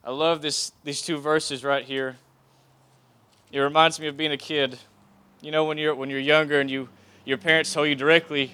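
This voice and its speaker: A man's voice: a little high, steady tone, moderate pace, pushed and bright, clean tone. A young man giving a heartfelt sermon, reading scripture aloud and speaking earnestly, often restarting his phrases. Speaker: preacher.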